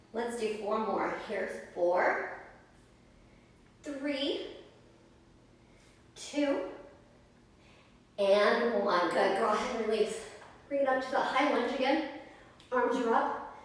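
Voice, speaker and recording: A woman's voice: on the high side, lively intonation, slow, pauses often. Breathless, upbeat woman teaching yoga. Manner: upbeat, chatty, counts reps aloud. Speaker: yoga instructor. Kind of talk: live-streamed yoga class instruction. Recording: echoey room, mic at a distance.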